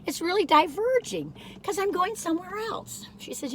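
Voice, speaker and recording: A woman chatting casually as she reviews food, rambling and digressive, gushing with excitement and laughing often. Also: very high voice, normal speed, a little hiss or hum. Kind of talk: casual chat.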